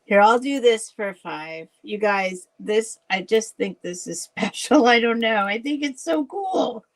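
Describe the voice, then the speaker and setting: A woman hosting a casual live vintage sale, chatty and rambling, laughing often and thinking out loud. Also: fairly high pitch, expressive, a little slow, rough recording. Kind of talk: casual live selling chat.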